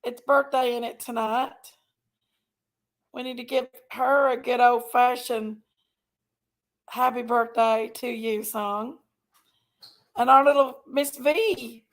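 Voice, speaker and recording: A woman hosting a casual livestream, affectionately greeting viewers one by one by name and sometimes sounding tearful. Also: on the high side. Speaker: livestream host.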